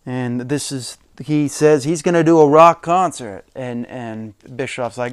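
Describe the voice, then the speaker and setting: A man hosting a podcast, recapping old wrestling shows in a casual, chatty way, laughing often and quoting wrestlers in animated bursts. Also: medium pitch, unhurried, few pauses, clear, resonant tone, no room sound, clean studio sound. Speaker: podcast host.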